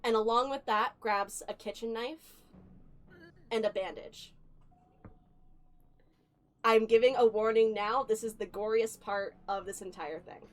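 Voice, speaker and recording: A woman game master narrating a spooky tabletop one-shot. She talks slowly and deliberately, with suspenseful pauses and a slightly high voice. Faint music plays behind her. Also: fairly even intonation. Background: faint background music.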